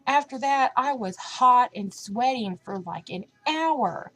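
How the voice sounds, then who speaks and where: A young woman chatting casually on a diet vlog, full of fillers and animated retellings of what others said. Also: a little high, slow pace, poor audio. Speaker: vlogger.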